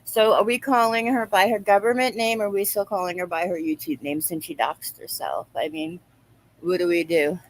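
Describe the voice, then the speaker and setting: A woman's voice: medium pitch, moderate pace, slight background noise, poor audio. A woman hosting a casual live-stream chat, gossiping, laughing often and reading viewers' comments aloud.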